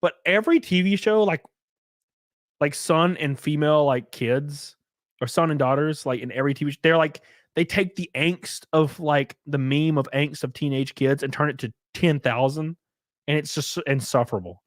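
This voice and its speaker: A man's voice: on the high side, moderate pace, no room sound, studio quality. A man from Alabama with a Southern accent, chatting casually and profanely on a live stream while reading chat aloud. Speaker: streamer host.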